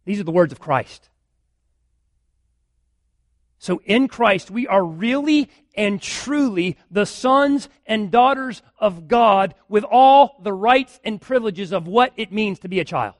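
A man's voice: high-pitched, expressive, a little slow, hardly any pauses, no echo, clean studio sound. A man, a pastor, preaching a sermon earnestly, building emphasis with repeated phrases.

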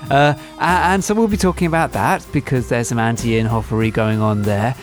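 A man's voice: mid-range voice, fairly quick, faint music behind. A man co-hosting a podcast, joking and punning in casual chat with frequent restarts. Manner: playful, punning, stumbling restarts. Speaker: podcast co-host.

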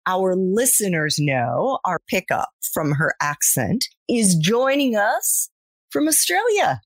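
American woman, forties, podcast host, lively sing-song delivery, dry close mic. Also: mid-range voice, takes it slowly, dry recording. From Maryland, United States. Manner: chatty, upbeat, lively intonation. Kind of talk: podcast interview.

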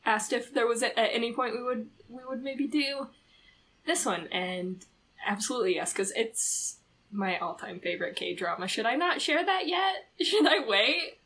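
This is a woman co-hosting a podcast, chatting casually and excitedly with plenty of fillers. A faint hiss of noise sits under her voice. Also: a little high, moderate pace. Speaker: podcast co-host.

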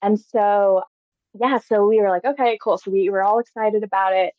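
A woman's voice: mid-range voice, fairly even intonation, normal speed, no room sound, dull audio. A woman in her thirties, a podcast guest, telling her personal story in a chatty, casual way, full of "like" fillers and frequent laughs. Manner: chatty, heavy use of "like" fillers, laughs often.

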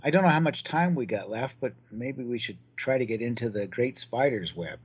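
A man's voice: mid-range voice, lively intonation, normal speed. A man co-hosting a radio talk show, adding short joking remarks. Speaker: radio co-host.

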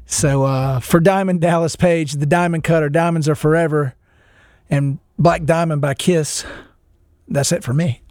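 A man in his thirties hosting a podcast, telling a long, rambling story in a casual, animated way and laughing as he goes. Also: fairly high pitch, unhurried, dry recording, studio quality. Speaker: podcast host.

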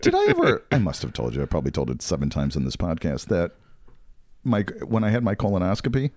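A man's voice: low-pitched, fast talker, no echo, clean studio sound. A man co-hosting a casual comedy podcast, reading stats and telling stories with wry humor. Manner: wry, animated, laughs along. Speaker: podcast co-host. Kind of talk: casual chat.

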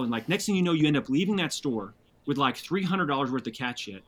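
A man speaking as a guest on a podcast, animated and loose, with plenty of swearing and fillers. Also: medium pitch, fast. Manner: animated, swears freely, frequent fillers and restarts. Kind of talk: casual podcast conversation.

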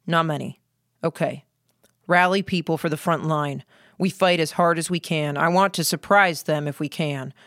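Woman reading stern male commander, clipped orders, audiobook, lowish voice. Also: normal speed, fairly bright tone, dry recording, studio quality. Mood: commanding. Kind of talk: audiobook character voice.

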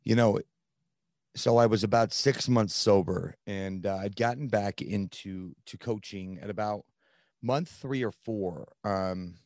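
A man in his thirties, a podcast guest, telling his own story in an earnest, animated way with plenty of "like" fillers. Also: lowish voice, unhurried, no echo, clean studio sound. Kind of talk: candid storytelling.

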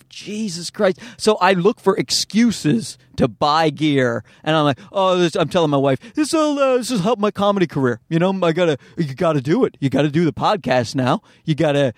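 A man's voice: on the high side, no echo, studio quality. A man from Newfoundland, Canada with a Newfoundland accent, a stand-up comedian rambling through a self-deprecating podcast monologue, swearing freely and mimicking people. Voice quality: nasal. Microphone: podcast microphone.

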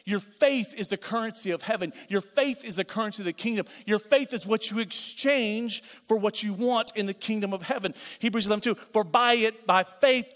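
High-voiced preacher in an echoing hall. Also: male voice, fairly bright tone. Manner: conversational preaching with repeated phrases and asides. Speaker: pastor. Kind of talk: sermon. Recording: long hall reverb.

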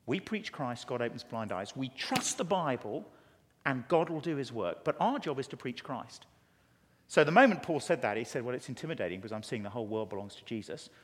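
A man with an English accent preaching a conference sermon, telling stories and acting out quotes in an animated way. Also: medium pitch, brisk, slight background noise. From England. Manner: animated, storytelling with acted quotes. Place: large conference hall. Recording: long hall reverb.

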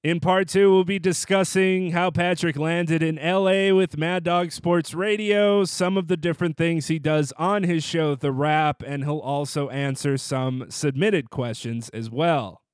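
A man's voice: fairly high pitch, fairly even intonation, measured pace, few pauses, clear, resonant tone, dry recording. A man hosting a sports podcast, reading a scripted segment in a wry, playful way. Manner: wry, playful delivery with jokey put-on voices. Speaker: podcast host.

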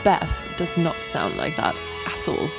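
Swedish-native woman cohost, giggly and teasing, slow talker, lots of up and down in her voice, music under it. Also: low-pitched, very animated, gravelly. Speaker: podcast co-host. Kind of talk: casual chat.

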